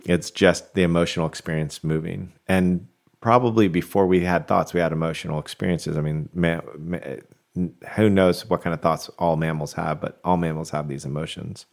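A man's voice: low-pitched, steady tone, moderate pace, gravelly. A man co-hosting a podcast as a coach, talking in a reflective, rambling way with many restarts. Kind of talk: casual podcast conversation.

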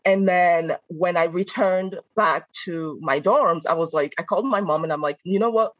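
Woman from Benin, podcast guest, lowish voice, dry close sound, lively storytelling with laughter. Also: moderate pace, dry recording, poor audio. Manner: animated, laughs often, acts out quoted voices. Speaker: guest, food content creator. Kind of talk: casual conversational storytelling.

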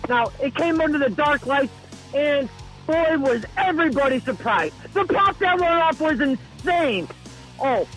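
A man voicing a breathless, excitable wrestling gossip caller who phones into a podcast hotline. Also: very high voice, exaggerated voice, low-quality recording. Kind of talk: comedic podcast bit.

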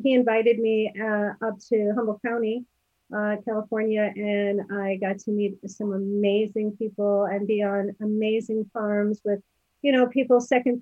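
A woman's voice: mid-range voice, no room sound, narrow, tinny audio. A woman in her fifties telling stories as a podcast guest, rambling with many fillers and restarts. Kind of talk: casual storytelling interview.

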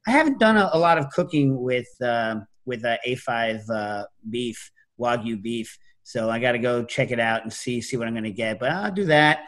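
A middle-aged man hosting a podcast, telling stories in a casual, animated way and breaking into loud shouted impressions. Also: mid-range voice, normal speed, few pauses. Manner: animated storytelling, mimics loud New York shouts. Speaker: podcast host. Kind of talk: casual chat.

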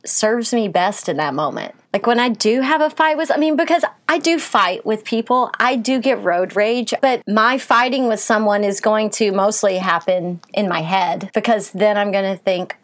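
Woman co-host, casual chat, candid and easygoing, quick to laugh. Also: medium pitch, animated.

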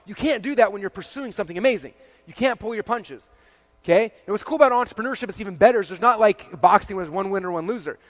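A man delivers a rapid-fire motivational keynote to a live audience. His voice sits slightly high for a man, and he fills it with "like" and frequent "okay?" and "right?" check-ins. The sound is dry and close. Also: expressive, no echo. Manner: heavy use of "like" as a filler. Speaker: speaker presenting to a live audience.

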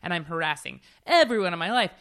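A woman's voice: on the low side, very animated, quick pace, fairly bright tone. A woman in her thirties co-hosting a podcast, chatting casually with lots of "like" fillers and self-deprecating jokes. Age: 30s. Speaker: podcast co-host. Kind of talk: casual chat.

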